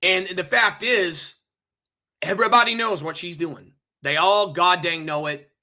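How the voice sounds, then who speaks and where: Ranting stream host, male, high and piercing, swears and repeats himself at chat. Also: measured pace, sharp tone. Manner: heated, profane, repetitive, addresses chat directly. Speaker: livestream host. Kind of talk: angry ranting livestream monologue.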